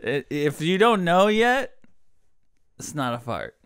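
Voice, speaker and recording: A man's voice: fairly high pitch, sing-song, takes it slowly, a bit bright, clear, resonant tone, no room sound, clean studio sound. A young man co-hosting a podcast, laughing a lot and chiming in with agreement during casual banter. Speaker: podcast co-host.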